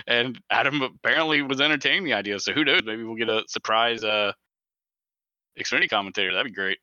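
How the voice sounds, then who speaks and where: A man co-hosting a podcast, chiming in casually with quick reactions. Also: mid-range voice, pushed and bright, no room sound, highs cut off. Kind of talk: casual chat.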